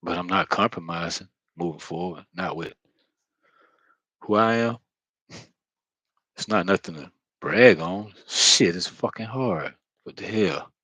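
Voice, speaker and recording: A man giving a rambling, earnest spiritual monologue, halting with many fillers and heavy sighs, blunt and sometimes swearing. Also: deep voice, a bit bright, husky, no echo, rough recording. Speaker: spiritual vlogger.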